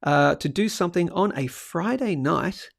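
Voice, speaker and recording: A man chats loosely on a livestream and keeps cracking jokes as he reads out viewer comments. His voice sits a little high and has a gravelly fry. The sound is close and dry, with no room echo. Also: expressive, moderate pace. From Australia. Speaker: livestream host. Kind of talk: casual livestream chat.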